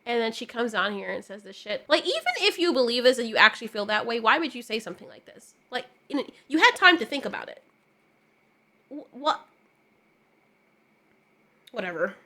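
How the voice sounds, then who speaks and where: Young woman reacting to clips, high voice that swoops all over, laughs a lot, does silly voices. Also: brisk, long pauses. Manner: animated, laughs often, mimics people in silly voices. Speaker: YouTube commentator. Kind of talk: reaction commentary.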